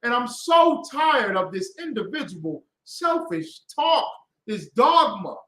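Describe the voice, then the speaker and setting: Man, street preacher; confrontational, mocking delivery with a lively, swinging pitch and roomy echo. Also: slow pace. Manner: heated, mocking, acts out voices, bursts into shouts.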